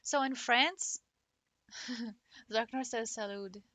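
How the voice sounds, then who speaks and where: Woman, french teacher, casual stream chat, giggly, bright voice, dry close sound. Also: on the high side, extremely slow, no room sound. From United States. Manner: giggly, chatty, swears casually.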